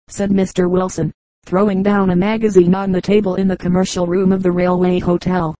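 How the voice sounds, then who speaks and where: Mellow woman reading aloud. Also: fairly low pitch, flat delivery, normal speed, no echo, low-quality recording. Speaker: audiobook reader. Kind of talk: scripted narration.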